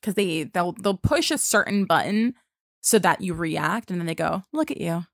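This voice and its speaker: A woman's voice: on the low side, moderate pace, no echo, studio quality. A young woman in a casual chat, frank and swearing, acting out what others say. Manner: frank, swears, acts out quotes.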